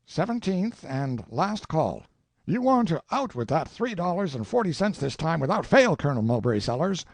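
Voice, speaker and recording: A man doing a loud, curt bill collector. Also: medium pitch, big pitch swings, normal speed, vocal fry, breathy edge, dry recording, pitched above the performer's own voice, full character voice. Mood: scornful. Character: gruff impatient male bill collector.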